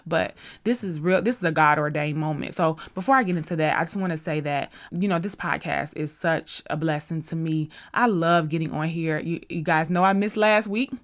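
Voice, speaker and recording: A woman's voice: deep voice, moderate pace, hardly any pauses. A woman hosting a faith-based podcast, talking at a studio mic in a chatty, rambling, effusive way. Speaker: podcast host.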